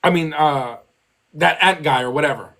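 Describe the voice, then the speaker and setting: A woman's voice: sits low, normal speed, fairly bright tone. A woman from Texas, hosting a live call and defending herself, repeating points and talking over the other speaker. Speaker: live stream host. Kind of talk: heated argument on a live call.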